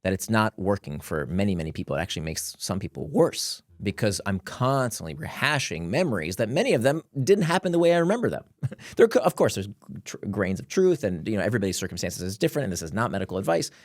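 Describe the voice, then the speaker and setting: Man, guest author, lowish voice, animated, laughs between points, dry close sound. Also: fast, no echo. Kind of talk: conversational explaining.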